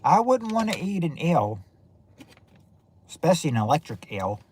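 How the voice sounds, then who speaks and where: A man's voice: fairly high pitch, very animated, normal speed, darkish tone, slightly rough. A man with a Southern US accent hosting a casual stream, rambling and repeating himself as he talks to his chat. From southern United States. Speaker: stream host.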